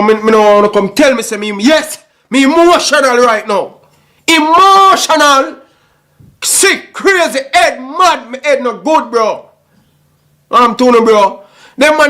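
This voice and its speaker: A young man with a Jamaican Patois accent, a YouTube football commentator, rants to camera passionately and emotionally for his online audience, repeating himself and constantly calling people "bro" and "brother." His voice is extremely high and fairly bright.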